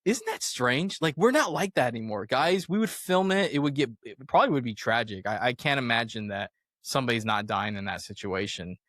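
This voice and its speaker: His mid-range voice is a bit bright and lively in intonation, moving a little fast over clean studio sound without room noise. He's a young adult podcast host animatedly chatting about a film, often breaking into laughter as he recounts scenes.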